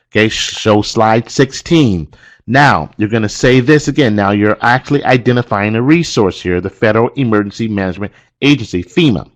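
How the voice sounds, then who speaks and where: A man training instructors, walking them through a course module in an emphatic, coaching manner that repeats key points. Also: on the low side. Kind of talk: instructional walkthrough.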